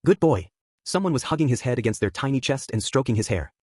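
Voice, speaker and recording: A man narrating an audiobook with a steady storytelling read. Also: medium pitch, quick pace, breathy edge, no echo, studio quality. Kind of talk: scripted narration.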